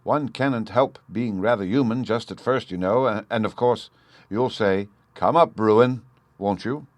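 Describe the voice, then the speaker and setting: A man's voice: fairly low pitch, unhurried, no room sound, natural voice. A man reading an audiobook, voicing a flustered, timid noblewoman who stammers and pleads. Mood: excited.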